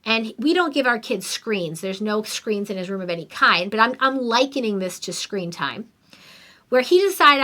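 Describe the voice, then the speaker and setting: A middle-aged woman hosting a podcast, telling a story in an animated, emphatic, conversational way. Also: on the high side, normal speed. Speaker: podcast host. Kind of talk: casual storytelling monologue.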